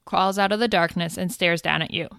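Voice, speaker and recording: Woman game master, smooth clear voice, playful narration, dry close sound. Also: lowish voice, steady tone, brisk, fairly bright tone, no room sound.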